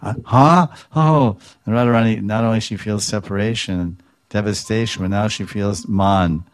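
Deep-voiced male preacher, animated storyteller, dry close recording. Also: moderate pace, no echo. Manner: animated storytelling, explains terms, chuckles. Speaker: devotional speaker. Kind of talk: devotional talk retelling scripture stories.

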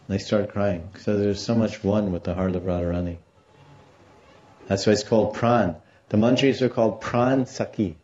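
Mellow-voiced man giving a storytelling lecture. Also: lowish voice, moderate pace, muffled recording. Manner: storytelling, explaining Sanskrit terms, acts out quotes. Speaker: religious teacher. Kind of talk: devotional scripture lecture.

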